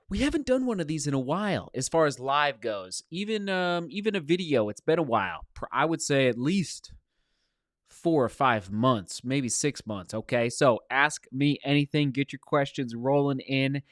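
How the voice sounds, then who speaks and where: A middle-aged man hosts a live question-and-answer stream and greets viewers by name in an upbeat voice. His voice sits at an ordinary middle pitch. The room sound is dry and close, with no echo. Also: expressive, moderate pace. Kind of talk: casual live-stream chat. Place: motel room.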